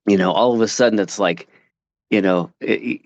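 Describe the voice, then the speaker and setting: A man's voice: fairly low pitch, vocal fry, dry recording. Rambling man on a dull call line. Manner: rambling, halting, many restarts. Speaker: caller sharing a story. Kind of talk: casual storytelling. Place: outdoors. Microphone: call audio.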